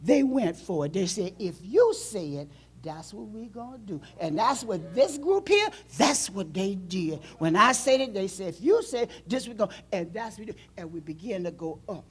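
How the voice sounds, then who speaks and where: A woman pastor preaching a sermon in a church, swinging between loud emotional outbursts and hushed, low passages. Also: sing-song, moderate pace, slightly rough.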